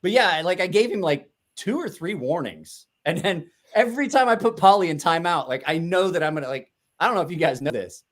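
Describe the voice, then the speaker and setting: A man hosting a livestream, chatting casually and cursing freely. His voice sits high for a man and swings widely in pitch, and he rambles, restarting his sentences as he goes. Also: a little fast, few pauses. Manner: animated, profane, rambling with restarts. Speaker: livestream host.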